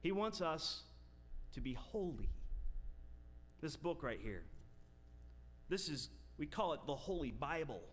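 A pastor preaching a sermon, telling a personal story that builds into loud, emphatic preaching. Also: male voice, on the high side, sing-song, unhurried, long pauses, slight background noise. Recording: long reverb of a large hall.

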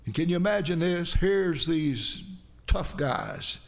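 Folksy high-voiced male preacher. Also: sing-song, slow, vocal fry. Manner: folksy, dramatic retelling with asides to the audience. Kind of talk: storytelling sermon.

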